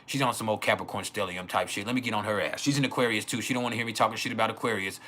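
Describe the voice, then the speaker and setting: A man chats casually on an astrology livestream, joking, swearing and laughing often. His low voice has a forceful edge, with a faint hiss of background noise behind him. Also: steady tone, rapid-fire.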